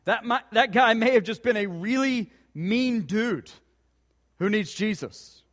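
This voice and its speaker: Preaching in a big, echoing hall, a high-voiced pastor tells stories and presses sincere rhetorical questions on the congregation. He's expressive and measured in pace, with a somewhat bright tone.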